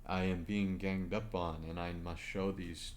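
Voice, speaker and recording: A man's voice: sits low, flat delivery, measured pace, slight background noise. A man voicing a boisterous male captain in a tabletop game, jovial and mock-pompous.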